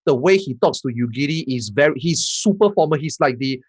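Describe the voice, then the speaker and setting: A man, a guest on a gaming podcast, explaining things in a lively way with repeated words. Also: medium pitch, a little fast, breathy edge, dry recording. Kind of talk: casual gaming podcast chat.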